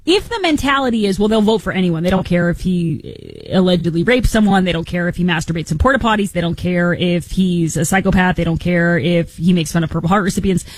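A woman's voice: on the low side, sing-song, fairly quick, few pauses, no room sound, low-quality recording. A woman hosting a political talk show, giving opinionated commentary with incredulous rhetorical questions.

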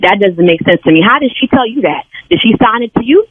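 An older woman speaking on the phone, stern and firm, insisting on a calm tone. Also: on the high side, quick pace, husky, no room sound. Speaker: church sign language interpreter, prank victim. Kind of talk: phone call. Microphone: telephone. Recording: tinny phone line, dry.

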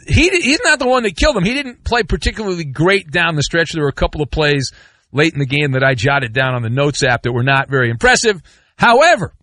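Animated rambling sports radio host. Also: male voice, on the high side, no echo, studio quality. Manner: animated, rambling, sarcastic rants with mock outrage. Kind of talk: sports talk radio with live ad reads.

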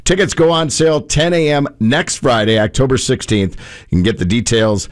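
A man hosting a morning radio show, chatting easily, laughing along and reading contest details briskly. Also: medium pitch. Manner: easygoing, laughs along, brisk announcer reads. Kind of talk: casual radio banter and promo reads.

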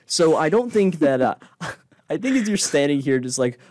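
A man's voice: a little high, very animated, moderate pace, darkish tone, no room sound. Rambling male game master, dry mic. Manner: rambling, explains rules with many fillers. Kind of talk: narrating a tabletop game.

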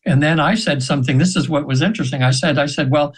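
An older man in his seventies, a guest on a radio interview, recounts a spiritual experience. He speaks at a slightly raised pitch and rambles earnestly, with many restarts and quoted asides. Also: fast, husky, low-quality recording. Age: 70s. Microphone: radio interview mic.

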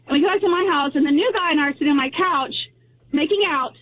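A woman caller in her forties tells her story in a chatty, laughing way. Her voice sits very high. It comes through a thin, phone-like line. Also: fast.

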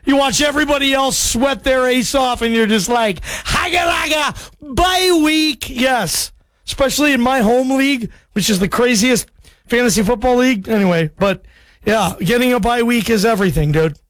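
A man hosting a call-in sports radio show, chatty and excitable, calling listeners bro. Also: very high-pitched, moderate pace, dry recording. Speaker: radio sports talk host.

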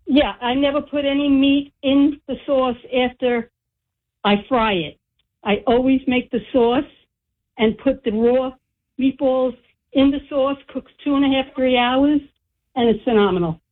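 A woman's voice: sits high, fairly even intonation, measured pace. A woman calling in to a radio show, talking emphatically about her cooking. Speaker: caller. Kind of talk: phone call into radio show. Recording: tinny phone line.

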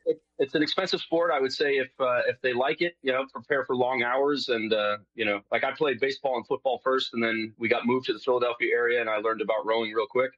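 Husky new york guy rambling over a dull dry remote line, lots of uh and you know. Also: medium pitch, steady tone, fast, few pauses, dry recording. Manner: rambling, many restarts and fillers. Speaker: guest, TV series host. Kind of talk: casual interview chat. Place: remote link from Florida.

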